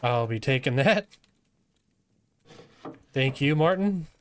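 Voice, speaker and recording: A man's voice: mid-range voice, animated, slow. A man streaming a fantasy video game, chatting casually and laughing easily as he plays. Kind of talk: casual gameplay commentary.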